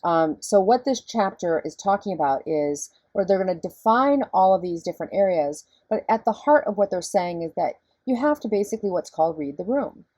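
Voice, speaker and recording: A middle-aged woman lecturing in a relaxed, conversational way. Her voice sits low and sounds husky, with a mellow, soft edge. The recording is dry and close, with no room sound. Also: fairly quick, hardly any pauses, no room sound. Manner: conversational, explaining step by step. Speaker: professor.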